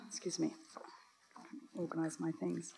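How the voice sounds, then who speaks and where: A woman giving an academic lecture with a strained voice that comes and goes, pausing often with ums and restarting her sentences. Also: low voice, little pitch movement, gravelly, mellow, a little hiss or hum. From Britain. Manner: hesitant, many ums and restarts. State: voice strained, coming and going. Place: lecture hall.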